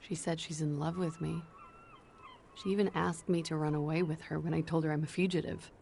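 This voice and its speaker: A woman's voice: deep voice, flat delivery, a little fast, creaky, a little mellow, a little hiss or hum. A woman voicing a young female fugitive under questioning in a video game, with a tired, guarded and evasive manner. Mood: confessing.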